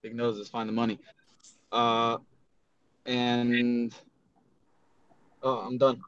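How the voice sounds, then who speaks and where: A man's voice: medium pitch, flat delivery, very slow, a bit bright, clear, resonant tone, no room sound. A man giving his view in a class discussion, blunt and rambling, over dull lo-fi video call audio. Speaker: class participant.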